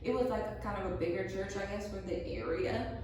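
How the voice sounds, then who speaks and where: A young woman chatting casually, telling stories in an animated way with lots of "like". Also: mid-range voice, brisk, recorded from a distance, a little hiss or hum. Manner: animated storytelling, frequent "like", laughs. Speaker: vlog host. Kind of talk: casual chat. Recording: echoey room, away from mic.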